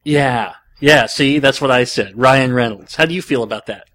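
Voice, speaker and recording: A man's voice: mid-range voice, moderate pace, fairly bright tone, no echo. A man hosting a podcast, talking casually and rambling animatedly, with frequent fillers and restarts. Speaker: podcast host. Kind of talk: casual solo podcast monologue.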